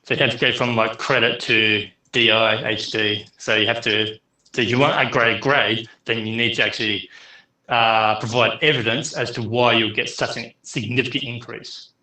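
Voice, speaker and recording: A man's voice: medium pitch, steady tone, bright, forceful tone, echoey room, poor audio. A middle-aged man, teaching an online class in a chatty way full of fillers. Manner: chatty, filler-heavy, speeds up and slows down. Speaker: university lecturer.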